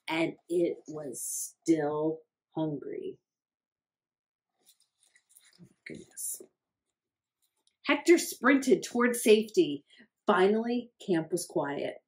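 Slow-reading woman at children's storytime. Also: on the low side, expressive, poor audio. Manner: slow, deliberate reading with hushed questions to young listeners. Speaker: library storytime reader. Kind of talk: reading a picture book aloud to children.

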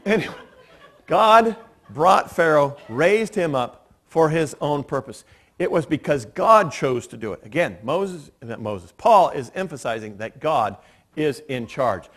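A man's voice: on the high side, a little slow. Earnest preaching pastor, a man. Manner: earnest, steady explaining with dry self-deprecating asides. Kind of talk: sermon. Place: church sanctuary.

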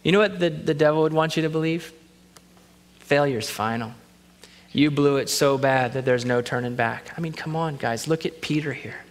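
A man's voice: a little high, moderate pace, long reverb tail. A man pastor preaching a sermon, in an earnest, conversational way.

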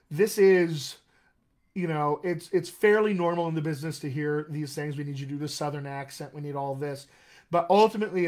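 Man, dialect coach, live-stream Q&A, encouraging, energetic, slightly higher voice. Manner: energetic, encouraging, addresses viewers as "my friends". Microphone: computer mic on a live video stream.

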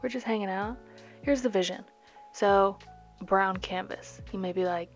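A woman's voice: mid-range voice, measured pace, soft background music. A young woman rambling casually to the viewer while she paints, chatty and second-guessing herself. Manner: rambling, chatty, self-questioning. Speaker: art vlogger.

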